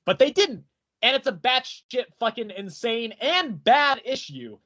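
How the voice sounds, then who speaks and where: A man with a very high voice co-hosts a comics podcast, reviewing comics at a measured pace on a lo-fi recording. In casual chat he rants animatedly, swearing and acting out quotes.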